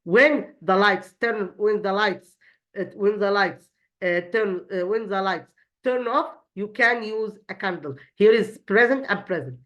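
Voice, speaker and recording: A woman's voice: medium pitch, a bit bright. Woman, English teacher, hesitant with many fillers, slightly muffled lo-fi recording. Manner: halting, many fillers and restarts. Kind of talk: explaining a grammar lesson.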